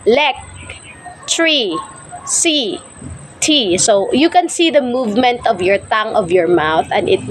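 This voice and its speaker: Woman teacher sounding out syllables slowly. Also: a little high, slight background noise. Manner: slows down and sounds out words syllable by syllable; frequent restarts and "so" fillers. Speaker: English teacher. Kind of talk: explaining a lesson.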